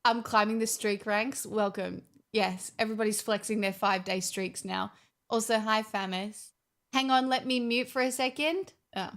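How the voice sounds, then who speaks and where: A woman's voice: medium pitch, fairly even intonation, moderate pace, a bit bright. A woman streamer in casual livestream chat, rambling with restarts and swearing freely.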